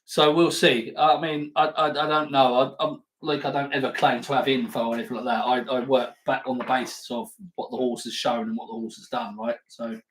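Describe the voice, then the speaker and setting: A man's voice: medium pitch, level tone, brisk, hardly any pauses, a bit bright, husky, low-quality recording. A man hosting a live stream, chatting to his viewers in a rambling, sweary way with stammered restarts. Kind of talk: casual live-stream chat.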